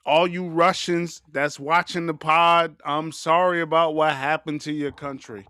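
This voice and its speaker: A man's voice: on the high side, steady tone, unhurried, bright, forceful tone, clean tone, no echo, studio quality. A man hosting a podcast, riffing in loose, profane, joking casual chat. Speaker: podcast host.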